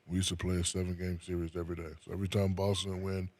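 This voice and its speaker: Very deep soft-spoken man. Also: flat delivery, very fast. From New Jersey. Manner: soft-spoken, repeats words while starting sentences. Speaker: guest, retired basketball player. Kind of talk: casual interview chat.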